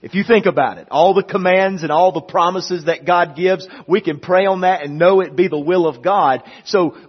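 A man delivers a sermon in a somewhat husky voice that sits a little higher than usual. He swings between loud, emphatic peaks and quiet, hushed passages, often restarting and repeating words. The recording sounds dull and muffled. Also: moderate pace. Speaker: preacher.

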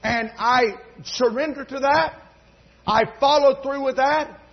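A man's voice: very high-pitched, takes it slowly, gravelly. A middle-aged man, a pastor from North Carolina preaching a sermon in a church, telling folksy stories and rising to emphatic fervor. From North Carolina, USA. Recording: dull lo-fi recording.

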